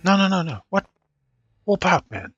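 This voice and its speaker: A man from South Africa with a South African accent, commentating live on a board game in a chatty, excitable, slangy way. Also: high-pitched, normal speed, dull audio, faint music behind.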